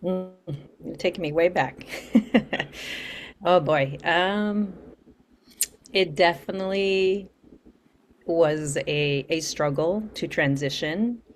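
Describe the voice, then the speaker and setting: A middle-aged woman, an interview guest from Central California, speaking reflectively with frequent restarts and soft laughs. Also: fairly low pitch, takes it slowly, long pauses, slight background noise. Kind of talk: interview conversation.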